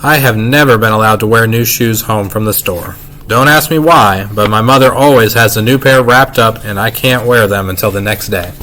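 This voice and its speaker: A man reading a children's novel aloud in first-person narration, unhurried and plain. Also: fairly low pitch, bright, forceful tone, slight background noise. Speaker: reader.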